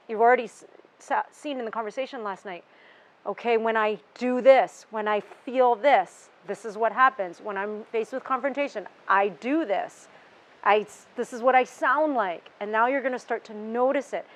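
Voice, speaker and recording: A woman's voice: on the high side, low-quality recording. Chatty woman leading a yoga training. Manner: conversational, with many restarts and asides. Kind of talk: informal workshop talk. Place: retreat workshop room.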